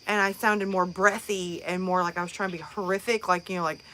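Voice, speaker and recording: A woman's voice: mid-range voice, fairly even intonation, a little fast, a bit bright, slight background noise. Woman rambling on a chill live stream, lots of ums, faint crickets behind. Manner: rambling, chatty, many fillers and restarts. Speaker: host. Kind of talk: casual live-stream chat.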